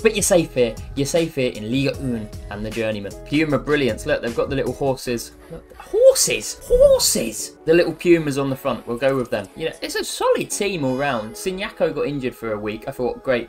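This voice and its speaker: Sarcastic man with a lively voice. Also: medium pitch. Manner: sarcastic and jokey, with bursts of frustration. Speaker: gaming commentator. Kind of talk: casual gameplay commentary.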